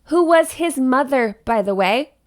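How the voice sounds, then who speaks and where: A woman's voice: high voice, lively intonation, measured pace. A woman wedding planner giving advice in a casual vlog, chatty and direct, often checking in with "okay?".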